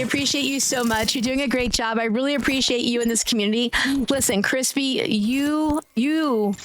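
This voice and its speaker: A woman streamer chatting casually with her viewers, greeting them warmly by name and swearing now and then. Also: a little high. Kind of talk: casual live-stream chat.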